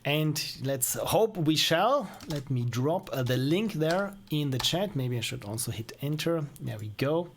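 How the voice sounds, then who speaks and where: A man's voice: fairly high pitch, expressive, measured pace, few pauses, slight background noise. A young man streaming and reviewing small indie games, chatting casually with a rambling, self-mocking manner and frequent chuckles. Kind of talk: casual live-stream commentary.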